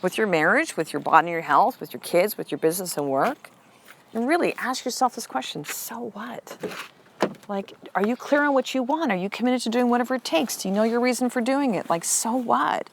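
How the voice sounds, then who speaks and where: A woman's voice: fairly high pitch, animated, fast. Woman coach doing her podcast, blunt n sweary, keeps asking the same thing, noisy background w some vehicle hum. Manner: blunt and profane, repeating rhetorical questions. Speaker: podcast host and life coach. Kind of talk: solo motivational podcast monologue.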